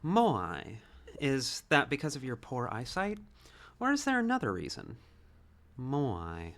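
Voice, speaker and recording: Guy playing a cold clinical doctor, slow and talky, bright voice that swoops around. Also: medium pitch, huge pitch swings, full character voice. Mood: probing. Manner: clinical, condescending, slow and deliberate. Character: stern, dry male doctor searching for a lost child. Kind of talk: voicing game dialogue with friends.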